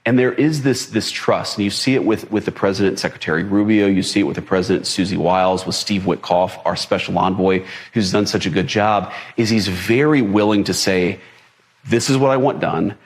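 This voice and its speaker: Low-voiced man chatting casually. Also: brisk, few pauses. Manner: relaxed, many fillers and restarts. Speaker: politician being interviewed. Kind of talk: casual interview answers.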